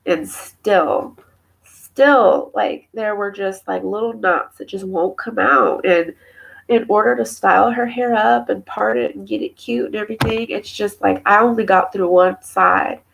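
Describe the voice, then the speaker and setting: Tearful woman venting, with a gravelly edge. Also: medium pitch, moderate pace, a bit bright, slight background noise, rough recording. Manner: rambling, venting with many fillers. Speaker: mother talking to camera. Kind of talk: emotional personal vlog.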